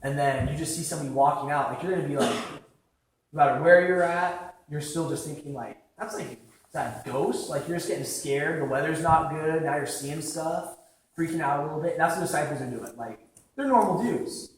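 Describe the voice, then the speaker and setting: A young man giving a casual sermon, talking conversationally with lots of "like" fillers and acting out quick quotes. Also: fairly high pitch. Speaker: preacher. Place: large echoing church hall. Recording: very echoey hall from far off.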